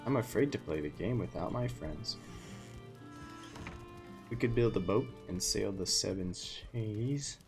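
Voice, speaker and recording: A man's voice: on the low side, lively intonation, unhurried, long pauses, soft background music. Playful man hosting a game stream. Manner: joking, playful. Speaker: livestream host. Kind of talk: casual gaming chat.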